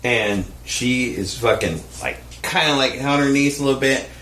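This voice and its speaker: A man casually telling a story on a podcast, animated and profane, acting out the people he quotes. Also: medium pitch, moderate pace, roomy sound. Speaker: podcast co-host.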